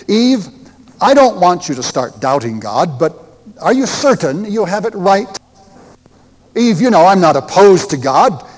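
A preacher voicing a crafty coaxing serpent. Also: male voice, high-pitched, big pitch swings, measured pace, a little mellow, heavily acted. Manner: smooth, persuasive, mock-reasonable. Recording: long hall reverb.

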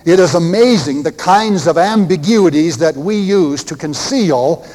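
Preacher, male, high voice, deliberate slow delivery, long hall reverb. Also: darkish tone. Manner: emphatic, rhetorical questioning. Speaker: pastor. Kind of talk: sermon.

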